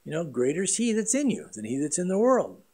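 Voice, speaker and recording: A middle-aged man preaching a sermon as pastor, earnest and emphatic, with big swings between loud and quiet. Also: high-pitched, big pitch swings, fast talker, slightly rough.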